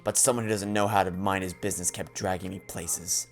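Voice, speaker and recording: A man voicing a guarded teenage girl assassin, speaking flat, curt and withdrawn. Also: low voice, fairly quick, vocal fry, soft background music. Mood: cold.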